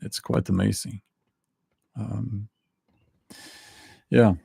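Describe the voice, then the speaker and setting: A middle-aged man with a Norwegian accent chats slowly and hesitantly on his livestream, filling pauses with ums and dry chuckles. His low voice is gravelly and mellow, and it sounds close and dry, with no room echo. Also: steady tone. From Norway. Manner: slow, hesitant, many fillers and dry laughs. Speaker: livestream host. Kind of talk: casual livestream chat.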